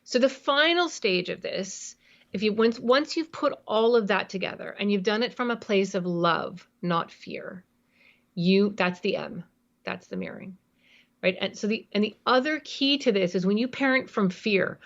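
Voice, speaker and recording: A woman speaks as a parenting expert on a podcast, explaining emphatically and often acting out examples. Her voice sits at a middle pitch. The audio is dull and lo-fi. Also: normal speed, vocal fry. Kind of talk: podcast interview.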